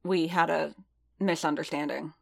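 A worn-out, guarded fighter who speaks in halting, self-correcting bursts, as a woman reads him out. The voice sits low with a gravelly fry. It is storybook reading in an everyday voice. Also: steady tone. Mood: hesitant. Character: weary, guarded male warrior, adult.

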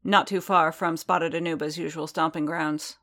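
A woman's voice: deep voice, steady tone, moderate pace, a bit bright. Boba Fett, read by a woman, grim and terse. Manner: dry, terse, understated. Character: grim, wary veteran male bounty hunter.

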